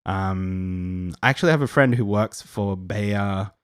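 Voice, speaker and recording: A man's voice: on the low side, a little slow, clear, resonant tone, no echo, studio quality. A young Australian man hosting a casual live Q&A, friendly and rambling with lots of ums and restarts. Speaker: livestream host answering viewer questions.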